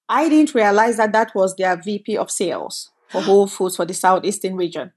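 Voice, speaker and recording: A woman's voice: medium pitch, animated, normal speed, a little mellow. A middle-aged woman from Cameroon, a company founder telling her story in an interview and acting out the voices of people she quotes. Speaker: guest, food company founder.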